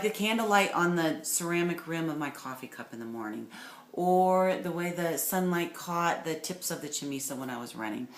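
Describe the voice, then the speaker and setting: A woman giving a recorded course lecture, talking in a rambling, enthusiastic way with many fillers and restarts. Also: sits low. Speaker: course instructor. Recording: echoey room with faint noise.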